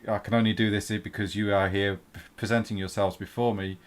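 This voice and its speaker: A man with a somewhat low voice narrates a tabletop roleplaying session as game master. He speaks at an unhurried pace, pausing often with fillers as he voices the characters. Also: little pitch movement. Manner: hesitant, many fillers, unhurried. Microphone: home microphone on an online stream.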